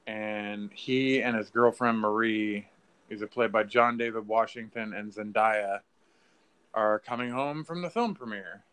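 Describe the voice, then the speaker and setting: A man's voice: measured pace, fairly bright tone, clear, resonant tone. Profane casual man reviewing movies. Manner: loose, profane, acts out lines in a high mocking voice. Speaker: podcast co-host.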